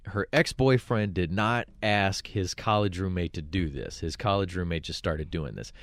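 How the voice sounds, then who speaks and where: A man's voice: low voice, moderate pace, no room sound. A man from Virginia, co-hosting a radio show, telling a story in casual chat and acting out the people in it. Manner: animated, acts out the people in his stories.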